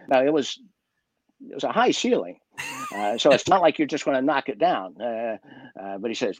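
A man's voice: mid-range voice, lively intonation, fairly quick, darkish tone, no room sound, dull audio. A man, a guest magician, telling a story in a chatty way, with many fillers, restarts and laughs, heard over a video call. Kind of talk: casual storytelling.

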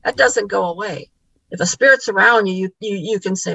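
A woman's voice: medium pitch, fast, gravelly, pushed and bright, breathy edge, no echo, poor audio. A woman, a podcast guest, telling a paranormal story in casual conversation, repeating words and acting out the dialogue.

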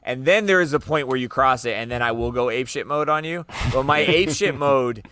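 A man's voice: mid-range voice, brisk, pushed and bright, a little hiss or hum. A man co-hosting a casual podcast chat, telling stories about himself with easy humor. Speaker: podcast co-host.

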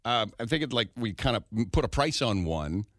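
A male radio co-host bantering with his team, mocking his own rash promises. His pitch swings widely as he talks, and the sound is close and dry, with no room around it. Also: normal speed, dry recording. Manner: self-mocking, swings to excited outbursts.

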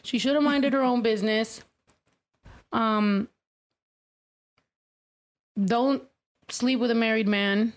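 A woman's voice: fairly high pitch, steady tone, slow pace, long pauses. A woman co-hosting a podcast, chatting loosely with lots of fillers and swearing. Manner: loose, profane, filler-heavy talk. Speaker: podcast co-host. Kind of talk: casual chat.

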